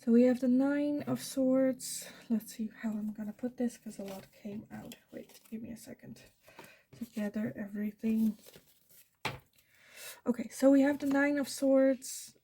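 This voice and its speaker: A woman with a Dutch accent giving a pick-a-card tarot reading, thinking aloud and correcting herself as she goes. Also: fairly high pitch. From Netherlands. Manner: thinking aloud, self-correcting, soft fillers. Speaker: tarot reader.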